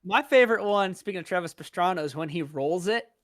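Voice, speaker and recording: A man's voice: high-pitched, expressive, fast talker, fairly bright tone, no echo, studio quality. Young man, eager storyteller. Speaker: podcast guest. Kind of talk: casual chat.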